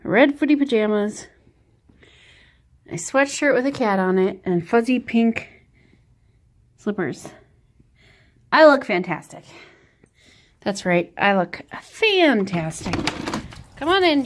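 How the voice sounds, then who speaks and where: A woman chatting casually through a home vlog, talking to her pets in a high baby voice now and then. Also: lively intonation, takes it slowly, pauses often, a little hiss or hum. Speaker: vlogger. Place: house, indoors.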